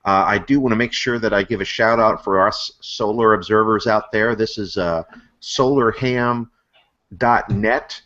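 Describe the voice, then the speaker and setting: A man hosting a casual online astronomy hangout, talking with lots of "uh" fillers and upbeat shout-outs over a video call. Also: on the low side, fairly even intonation, moderate pace, muffled recording. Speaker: host.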